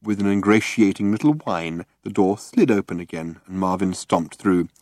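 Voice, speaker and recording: A man narrating an audiobook with a measured, deadpan delivery. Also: low-pitched, no echo, clean studio sound.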